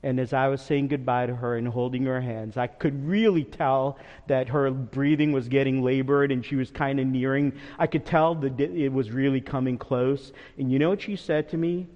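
A man preaching a sermon as pastor in a church, earnest and measured, dropping softly when praying or recalling personal memories. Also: mid-range voice, fairly even intonation. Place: church sanctuary. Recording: long hall reverb, dull lo-fi sound.

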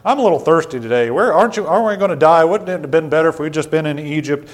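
A man's voice: a little high, very fast, close to an everyday voice. A man putting on whiny grumbling Israelites. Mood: whining. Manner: whining, nagging questions.

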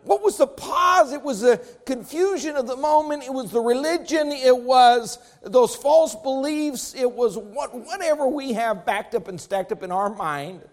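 A man with a notably high voice delivers a sermon. He speaks with an emphatic preaching cadence, swinging up and down in pitch and loudness to drive his points home. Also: unhurried, few pauses. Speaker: pastor.

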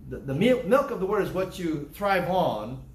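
Older preacher in an echoey church. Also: male voice, sits high, big pitch swings, normal speed. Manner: emphatic, repetitive, acts out church members' excuses. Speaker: pastor. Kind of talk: sermon.

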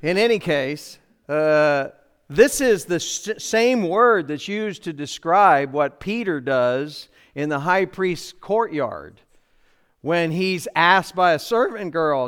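In a church sanctuary, a middle-aged male pastor delivers a sermon in a smooth, resonant, clear voice pitched high for a man, with a fairly bright tone. He speaks slowly and expressively, driving his points home through emphatic repetition and rhetorical questions aimed at the congregation.

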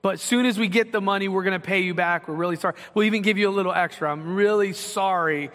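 Man putting on an apologetic boss, pleading, high voice, long reverb. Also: quick pace, a bit bright. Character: smooth apologetic male boss dodging payroll.

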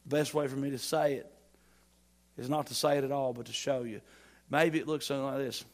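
A man preaching a sermon as pastor, folksy and playful, swinging between loud emphatic lines and quiet asides. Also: mid-range voice, steady tone, fairly quick. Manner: folksy humor, playful mock dialogue.

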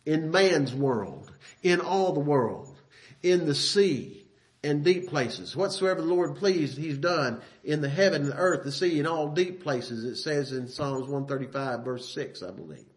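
A man's voice: fairly high pitch, expressive, measured pace. A man preaching a sermon in a folksy, conversational way, reading scripture aloud and breaking off into asides and self-corrections. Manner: reads King James scripture aloud with emphasis.

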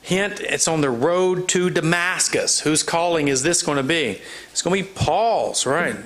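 A man teaching through a Bible passage, reading the verses aloud and explaining them in a relaxed, conversational way with frequent fillers. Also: on the high side, measured pace. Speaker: pastor.

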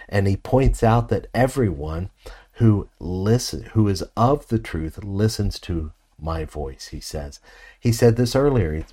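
A man delivers an expository sermon, working through the text in a measured, reflective manner. His voice sits low and carries a husky edge. He often pauses to pose rhetorical questions to his listeners. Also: dark tone. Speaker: preacher.

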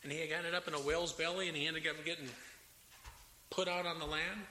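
A man preaching a sermon with a Southern American accent, animated and dramatic, raising his voice as he acts out the complaints of biblical figures. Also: a little high, fairly quick. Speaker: pastor. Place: church sanctuary. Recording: echoey hall with faint room noise.

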